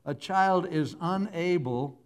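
A man delivers a sermon in a folksy, storytelling manner, slipping in wry humor as he goes. His speaking voice sits a little higher than most men's. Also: takes it slowly, clean tone. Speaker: pastor.

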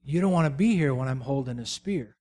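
A man's voice: medium pitch, expressive, a little fast, warm tone. A man preaching a sermon, telling the story with jokes and rhetorical questions. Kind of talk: sermon with humorous asides.

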